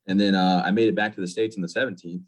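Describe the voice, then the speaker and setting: A man in his thirties talks fast in a very low, husky voice. He tells his story in a candid, plain-spoken way. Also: fairly even intonation. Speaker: interview guest, veteran. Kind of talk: personal story in interview.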